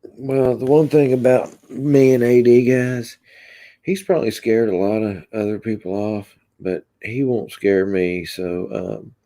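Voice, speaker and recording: A man's voice: medium pitch, unhurried. A man from Kentucky with a Southern drawl, chatting casually on a livestream and answering viewer comments, his voice a bit congested and coughy. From Kentucky, USA. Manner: relaxed drawl, reads and answers chat aloud. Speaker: livestream host.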